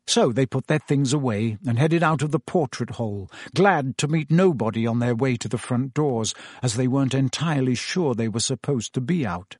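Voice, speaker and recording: A man narrating a story aloud in a steady, even audiobook reading. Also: medium pitch, moderate pace, few pauses, breathy edge, no echo, clean studio sound.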